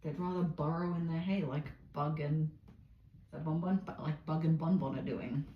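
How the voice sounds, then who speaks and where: Her voice is deep, with fairly even intonation at a normal speed and a lo-fi sound: an Australian-accented pet vlogger casually chatting while she cleans a large cage indoors. She rambles and uses sing-song baby talk on her pets, recorded by a phone resting on a cage shelf in an echoey room with faint noise.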